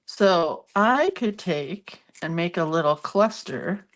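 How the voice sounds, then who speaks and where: A woman hosting a casual crafting demo speaks on the low side, expressively, slowly, and with a fairly bright tone. She's congested and sniffly, chatting while she works and laughing at herself in a self-deprecating way.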